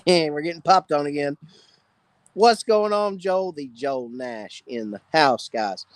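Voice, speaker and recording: A man's voice: on the high side, sing-song, measured pace, dry recording. A man hosting a casual live fishing Q&A, greeting viewers by name. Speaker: fishing channel host. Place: outdoors by a campfire.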